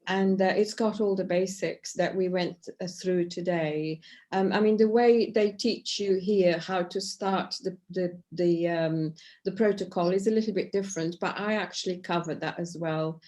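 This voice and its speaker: A woman's voice: lowish voice, steady tone, normal speed, a little mellow. A middle-aged woman leading a tapping workshop on a video call. She is encouraging and often checks in with "okay?". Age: middle-aged or older. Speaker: EFT tapping workshop leader.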